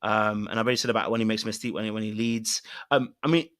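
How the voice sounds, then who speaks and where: A man's voice: on the low side, little pitch movement, racing, fairly bright tone. Guy coaching on relationships, emphatic, keeps checking you're following. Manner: emphatic, repeats "you know what I'm saying to you". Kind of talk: coaching talk to a panel.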